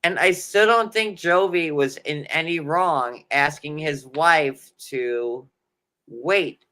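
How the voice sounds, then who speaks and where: A man's voice: fairly high pitch, slow, bright, forceful tone. A man with a New York accent, co-hosting a casual recap chat, rambling with fillers and jokey asides. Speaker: podcast co-host.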